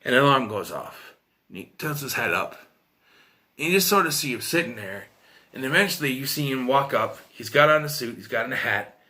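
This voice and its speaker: Bright-voiced man rambling through a film review. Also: medium pitch, animated, fairly quick. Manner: rambling, retells scenes with quoted lines, many restarts and fillers. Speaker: movie reviewer. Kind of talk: casual spoken film review.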